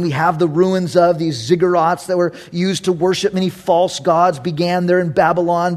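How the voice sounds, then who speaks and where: Animated high-voiced male preacher. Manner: animated, acts out voices and sarcasm. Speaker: pastor. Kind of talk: sermon.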